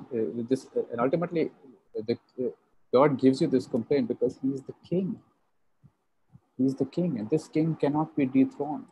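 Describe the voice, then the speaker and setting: A man preaching a sermon in a conversational way, often restarting his sentences and pausing on filler sounds. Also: mid-range voice, warm tone, highs cut off, a little hiss or hum. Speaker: pastor. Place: church service held over video call.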